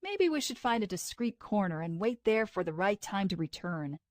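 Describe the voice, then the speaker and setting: A woman's voice: medium pitch, big pitch swings, normal speed, no echo, clean studio sound, lightly acted. A woman reading the lines of a level-headed young woman with a wry manner.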